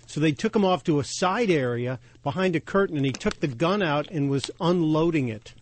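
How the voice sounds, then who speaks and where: A man's voice: on the high side, lively intonation, a little fast, slight background noise. A man on a radio show recounting a news story in a plain, matter-of-fact way.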